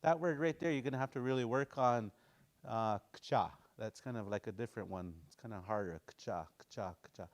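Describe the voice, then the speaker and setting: A man leads a language class in a casual, down-to-earth way. He repeats each phrase slowly so students can hear the sounds, then explains it in plain, folksy terms. His voice sits at an ordinary middle pitch. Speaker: language teacher.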